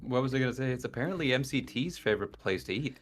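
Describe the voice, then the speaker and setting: A man as a guest on a casual podcast chat, trading relaxed, joking banter. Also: medium pitch, fast talker, soft background music.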